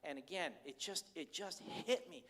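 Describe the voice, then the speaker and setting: An older man preaching a conversational sermon as pastor, candid and animated as he tells stories. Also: on the high side, moderate pace. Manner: candid, chatty, animated storytelling. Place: church sanctuary. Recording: reverberant church hall.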